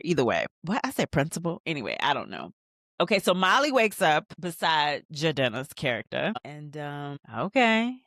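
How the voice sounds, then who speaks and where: A woman hosting a podcast, recapping a TV episode in a chatty, animated way with slangy asides. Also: deep voice, no room sound, clean studio sound. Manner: narrates scenes while pausing the show. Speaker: podcast host.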